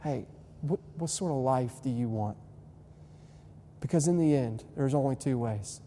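A young man preaching a sermon to students as their pastor. He moves from quiet, tender stretches to loud, fervent exhortation. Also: mid-range voice, a little slow. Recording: long hall reverb, faint hum.

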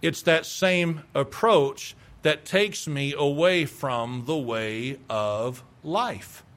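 Middle-aged male pastor, high-pitched, emphatic sermon delivery that acts out quoted replies. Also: extremely slow, fairly bright tone.

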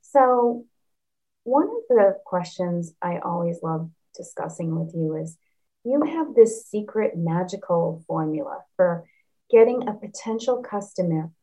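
A woman's voice: on the low side, expressive, unhurried, mellow, low-quality recording. A woman hosting a casual sales podcast, giving short agreeing replies and asking questions. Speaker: podcast host, sales director.

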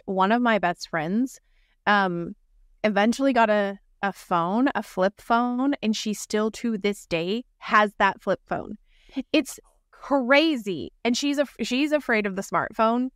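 A woman co-hosting a casual podcast, talking in an animated way and acting out remarks she quotes. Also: mid-range voice, clean tone, no echo, studio quality. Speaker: podcast co-host. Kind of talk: casual conversational podcast chat.

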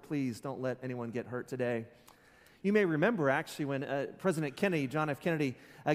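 A man preaching a sermon as pastor, conversational, with joking asides. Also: on the high side. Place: church sanctuary. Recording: long reverb in a church hall.

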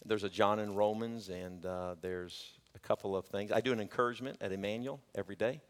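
A male pastor preaching a sermon, swinging from shouted peaks to joking, chatty asides. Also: lowish voice, fairly even intonation, a little fast. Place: church sanctuary. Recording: long church hall reverb.

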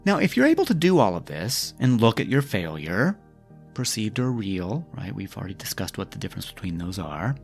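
A man with a low, gravelly voice talks the listener through a reflective self-help podcast. He keeps coaching gently, posing question after question to his audience. Soft music sits faintly beneath him. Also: big pitch swings, brisk. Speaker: podcast host. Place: lives in Scotland.

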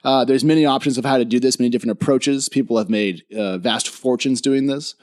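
A man speaking as a podcast guest in a sleepy morning voice. He explains things casually and at length, restarting often, in a mid-pitched voice. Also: a little fast, a little mellow. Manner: thoughtful, explains at length with frequent ums and restarts.

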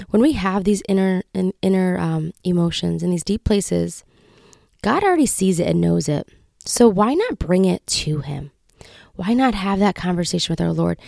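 A woman's voice: medium pitch, creaky, warm tone, no room sound, clean studio sound. A woman in her thirties hosting a faith podcast, talking in an earnest, reflective, confiding way. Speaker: podcast host.

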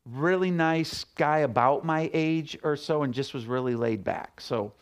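A man's voice: fairly high pitch, measured pace, clear, resonant tone. A middle-aged man preaching a sermon as a pastor, talking casually and telling stories with acted-out quotes. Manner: conversational, storytelling with acted quotes.

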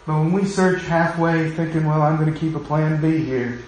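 A man preaching a sermon as pastor and leading a prayer, earnest and pleading, often dropping to a quiet hush. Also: on the high side, steady tone, normal speed, slight background noise. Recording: very echoey room with faint ambience.

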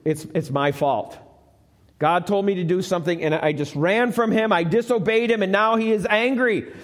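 A preacher doing a sulky reluctant prophet. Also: male voice, high-pitched, normal speed, close to an everyday voice. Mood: resigned. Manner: sulky, defensive complaining. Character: reluctant grumbling male prophet. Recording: long hall reverb.

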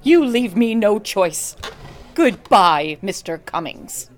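A woman's voice: medium pitch, expressive, slow, background noise. A woman voicing a proper, disapproving fiancée who speaks in clipped, scolding tones, in radio drama acting. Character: prim, disapproving fiancée of the critic.

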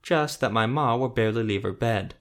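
A man voicing a blunt, unimpressed young village girl in a plain, mid-pitched voice. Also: a little fast, fairly bright tone, close to an everyday voice.

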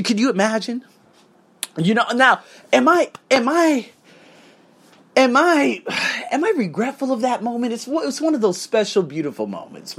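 A man in his thirties from Las Vegas casually telling a story to viewers in an animated, profane way with frequent laughter. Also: very high-pitched, gravelly, slightly rough. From Las Vegas, USA. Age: 30s.

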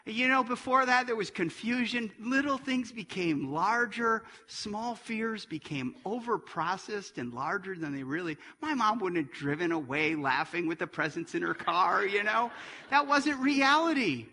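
A man in his forties preaching a sermon as pastor, earnest and rising to near-shouts at emotional moments. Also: high-pitched, normal speed, hardly any pauses, in a large hall, slight background noise. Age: 40s.

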